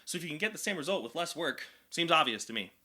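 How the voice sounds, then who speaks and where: A man talking casually as a vocal coach reacting to a song, chatty and excitable with lots of fillers. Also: fairly high pitch, fast talker. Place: indoor room at home.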